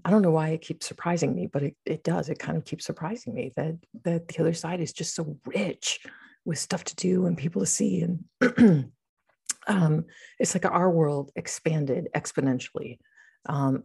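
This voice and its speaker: A woman with a notably low voice talks in a loose, casual podcast ramble. She is middle-aged, and her speech is full of fillers and restarts as she chats with a co-host. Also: gravelly, warm tone, breathy edge. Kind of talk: casual chat.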